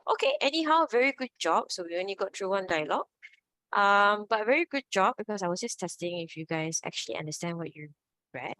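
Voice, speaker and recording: Lively Mandarin teacher, woman. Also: medium pitch, a little fast, no room sound. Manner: encouraging, switching between English and Mandarin, frequent praise. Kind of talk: online language lesson.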